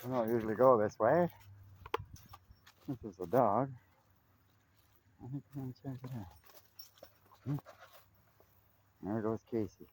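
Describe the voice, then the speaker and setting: A man with a mid-range, slightly mellow voice vlogs casually as he walks his dog along a river trail. He chats and calls out to the dog in this relaxed walk-and-talk, with faint outdoor noise around him.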